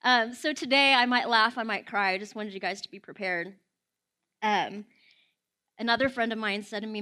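A young woman with a somewhat high voice speaks to a prayer gathering. She preaches in a candid, openly emotional way, weaving personal stories into her sermon. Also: moderate pace, pushed and bright, smooth. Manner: emotional, laughing and candid, conversational storytelling.

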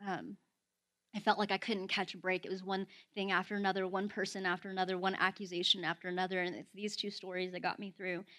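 A woman preaching a sermon, telling a story and acting out the quotes with rising excitement. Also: medium pitch, fast.

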